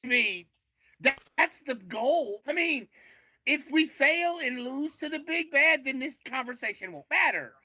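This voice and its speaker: A woman player teases her companions at the game table. Her voice is bright and swings widely in pitch. The sound is dry and close. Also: measured pace, no echo, low-quality recording. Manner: sassy, teasing, animated.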